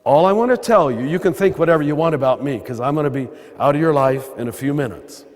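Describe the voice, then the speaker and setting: A man's voice: a little high, animated, fast. An older man with an American accent and a throaty voice, giving a conversational spiritual talk with wry asides as a priest. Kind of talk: spiritual talk to a live audience. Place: large cathedral. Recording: long cathedral reverb.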